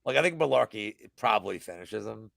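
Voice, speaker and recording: Lively, profane man ranting about bets. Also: fairly low pitch, brisk, vocal fry, dry recording. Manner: animated, profane, boastful rants. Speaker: sports betting guest. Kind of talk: casual livestream chat.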